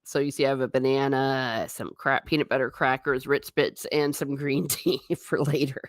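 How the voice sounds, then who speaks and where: A woman's voice: a bass voice, steady tone, normal speed, dry recording, studio quality. A woman vlogger chatting casually with her viewers, giggly and self-mocking. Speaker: travel vlogger reading live chat. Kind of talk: casual live-stream chat.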